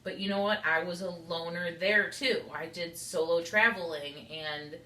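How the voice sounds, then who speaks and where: A woman's voice: on the low side, fairly even intonation, moderate pace, bright, forceful tone. A young woman rambling candidly in an unedited confessional vlog, saying "like" a lot. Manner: rambling, candid, heavy use of "like". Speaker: vlogger. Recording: echoey room.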